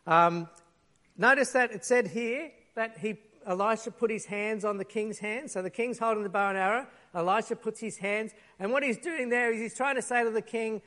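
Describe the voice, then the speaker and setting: Guy preaching, fairly high voice, storytelling style, acts out the bits with props. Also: moderate pace. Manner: lively storytelling with props and acted quotes. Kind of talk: sermon.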